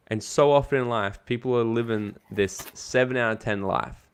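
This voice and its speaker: A man with a mid-range, clean-toned voice talks at a moderate pace, barely pausing. He's a network marketing coach appearing as an interview guest, handing out emphatic, casual motivational advice with the occasional swear word.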